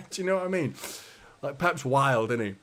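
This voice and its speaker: A man's voice: medium pitch, expressive, a little fast, fairly bright tone. A man hosting a live match watchalong, chatting casually with viewers, bantering and swearing lightly. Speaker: fan channel host.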